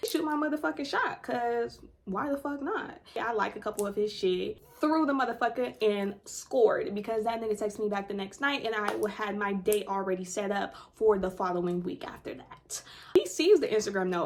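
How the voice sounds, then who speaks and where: A woman's voice: fairly high pitch, normal speed. A woman casually telling a personal story to her viewers, blunt and heavy on profanity. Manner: blunt, profane, animated retelling. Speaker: storytime vlogger.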